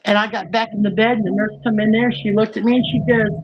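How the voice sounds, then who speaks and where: A woman hosting a livestream, telling a personal story in a lively, folksy way and acting out what people said. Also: mid-range voice, quick pace, slightly rough, muffled recording. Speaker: livestream host. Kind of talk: casual storytelling.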